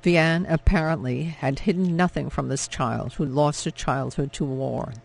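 A male audiobook narrator with a gravelly, creaky texture and a voice pitched a little above the usual male range. He reads the novel in a steady, measured, dramatic way, shaping each sentence with care. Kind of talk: scripted narration.

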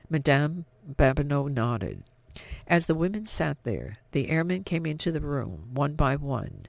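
A man reading an audiobook in scripted narration, measured and even. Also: on the high side, vocal fry, no echo.

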